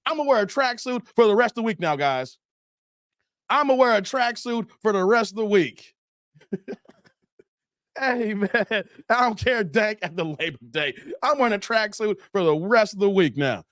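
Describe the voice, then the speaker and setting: A man's voice: high voice, animated, normal speed, fairly bright tone, no room sound, studio quality. A man hosting a live stream, joking and laughing while reading chat aloud. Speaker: livestream host.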